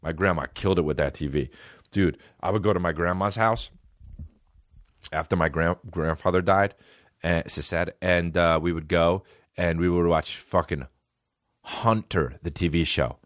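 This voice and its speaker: Low-voiced and speaking at normal speed, a man hosting a podcast tells rambling, profane tales of his childhood with animated, casual comedic flair. The recording is dry and studio quality.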